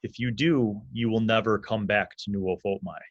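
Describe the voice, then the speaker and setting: A man voicing a solemn male ritual leader who speaks in measured, formal warnings. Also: on the low side, fairly even intonation, no room sound, lo-fi sound, natural voice. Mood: grave.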